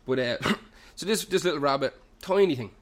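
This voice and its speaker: A man's voice: fairly high pitch, lively intonation, normal speed. A young man with a Dublin-tinged Irish accent, hosting a show from a pub and telling a rambling comic anecdote full of swearing. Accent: Irish, Dublin slang. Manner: heavy swearing, loose run-on storytelling. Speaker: podcast host.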